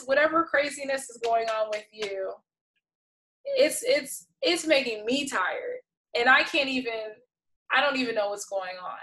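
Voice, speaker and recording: A woman giving a casual tarot reading, playful and exasperated, laughing often and swinging between soft mutters and loud outbursts. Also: fairly high pitch, rough recording. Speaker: tarot reader.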